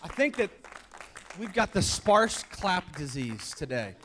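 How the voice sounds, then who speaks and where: A male pastor with a high-pitched voice delivers a sermon to a church congregation. He talks in a loose, joking way, then builds up to loud, shouted calls to the crowd. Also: big pitch swings, slow, a little hiss or hum.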